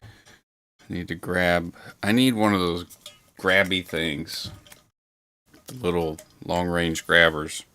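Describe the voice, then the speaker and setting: A man's voice: low voice, fairly even intonation, takes it slowly, pauses often, pushed and bright. A man casually chatting with viewers on a livestream from his home studio, rambling and laid-back, swearing now and then as he reads the chat aloud. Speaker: livestream host.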